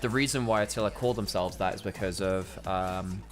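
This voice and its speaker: A man's voice: deep voice, brisk, faint music behind. A man from Wales, an esports commentator chatting casually on a stream and mocking himself, talking in a rambling way with lots of fillers. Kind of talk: casual chat during a stream break.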